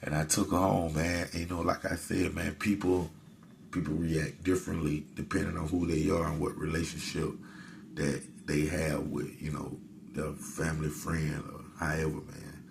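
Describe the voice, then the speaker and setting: Very deep, gravelly-voiced man. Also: flat delivery, moderate pace, noisy background. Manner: laid-back, peppered with "man" and "you know". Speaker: host. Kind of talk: casual storytelling to camera.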